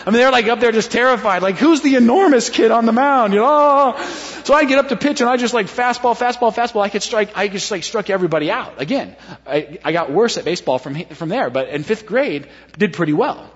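A middle-aged male pastor, his voice husky and a touch high, tells a story from the pulpit with self-deprecating humor before dropping into quiet seriousness. The sound is dull and lo-fi, and a long reverb from a large church hall trails every phrase. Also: a little fast. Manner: animated, self-deprecating, dropping to hushed tones for serious moments. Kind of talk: sermon storytelling.

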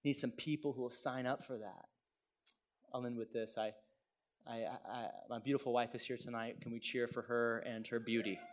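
A middle-aged male pastor telling a personal story in a sermon, swinging from hushed tones to loud exclaims. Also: mid-range voice, steady tone, brisk.

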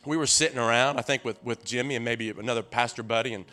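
Sixty-something Tennessee preacher man, bright-voiced. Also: medium pitch, fast, soft background music. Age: 60s. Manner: lively call-and-response, keeps urging the crowd on; folksy storytelling with frequent restarts. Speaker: guest preacher. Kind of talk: sermon.

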